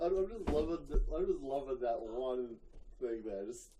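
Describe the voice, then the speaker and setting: A man's voice: mid-range voice, animated, moderate pace, a crowd in the background, poor audio. A man in casual chat, chuckling as he talks. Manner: giggly, chuckling while speaking.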